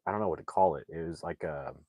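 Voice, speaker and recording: A man with a low voice rambles through a movie plot in casual chat, filling every gap with "like" and "you know." He jumps into the characters' lines on the fly. The sound is dry, with no room around him. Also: mellow, dry recording. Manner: rambling, heavy use of "like" fillers; acts out characters' lines in quick asides. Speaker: movie reviewer.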